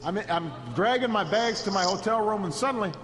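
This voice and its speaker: Man, high voice, speech storyteller, stop-start delivery with repeated words, echoey hall recording. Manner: halting, repeats words at restarts; builds to a rousing, shouted close. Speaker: political speaker. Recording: echoey hall with steady background noise.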